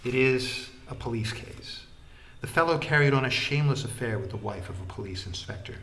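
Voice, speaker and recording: A man's voice: medium pitch, lively intonation, fairly quick, fairly bright tone, natural voice. Man voicing a stiff, formal prison official. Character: calm, authoritative male prison official.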